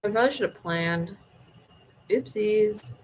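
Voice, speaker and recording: Woman gamer, mid-pitch, casual playthrough narration, stop-start reading, faint noise behind. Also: poor audio. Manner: halting, self-correcting as she reads. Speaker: gaming vlogger. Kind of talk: casual game playthrough commentary, reading game text aloud.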